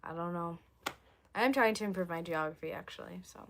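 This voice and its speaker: A woman's voice: on the low side, a little fast, fairly bright tone, slight background noise. Chatty young woman losing her voice. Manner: chatty, rambling, reads and answers viewer comments. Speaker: livestreamer. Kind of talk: casual livestream chat.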